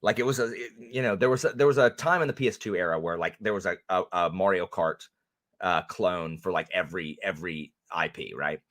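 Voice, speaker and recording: A man's voice: deep voice, a little fast, fairly bright tone. A man co-hosting a casual livestream, rambling and laughing, with many restarts and fillers. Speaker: co-host of a book channel livestream.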